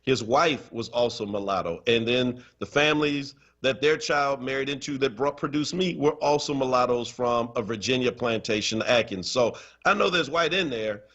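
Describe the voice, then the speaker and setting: A man's voice: mid-range voice, moderate pace, hardly any pauses. A man co-hosting a talk radio show, telling stories and teasing his co-host playfully. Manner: animated storyteller, playful teasing. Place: radio studio. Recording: dull lo-fi stream audio.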